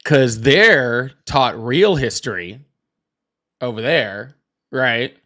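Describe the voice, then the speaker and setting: Man, livestream host, casual rambling chat, fillers and restarts, mid pitch, offhand swearing. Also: animated, drawn-out words, sharp tone.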